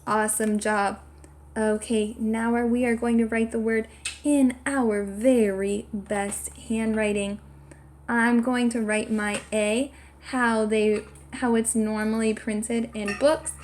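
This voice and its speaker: A woman's voice: a little high, little pitch movement, slow pace, a little mellow, slight background noise. A woman teaching a sight-word lesson to young children, encouraging them and spelling each word out letter by letter. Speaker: kindergarten teacher. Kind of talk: slow, clear classroom instruction.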